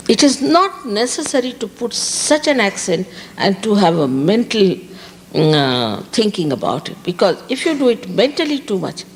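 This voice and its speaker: A woman from India with an Indian accent, giving a public spiritual talk and repeating key words for emphasis. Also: medium pitch. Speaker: spiritual teacher. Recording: reverberant hall, faint background hiss.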